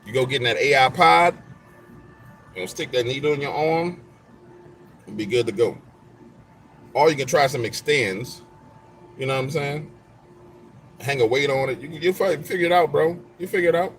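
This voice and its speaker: A man's voice: medium pitch, normal speed, long pauses, a bit bright, a little hiss or hum. A man in casual live-stream chat, trash-talking viewers and telling stories in loose slang.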